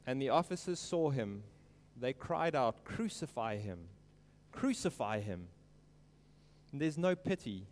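A man preaching an earnest sermon, stressing quoted lines slowly and emphatically. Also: a little high, long reverb tail.

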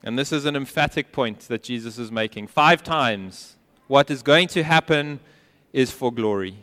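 A man preaching a sermon as pastor, earnest and emphatic, sometimes dropping to a quiet intensity. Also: medium pitch, moderate pace. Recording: long hall reverb.

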